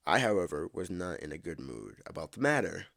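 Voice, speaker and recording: A man with a very deep, gravelly voice reads a story aloud for a podcast. The sound is dry and close. He keeps stumbling, rereading lines and dropping in his own comments. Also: big pitch swings, a little fast, fairly bright tone, dry recording. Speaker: story reader and podcast host. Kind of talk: reading a story aloud with asides.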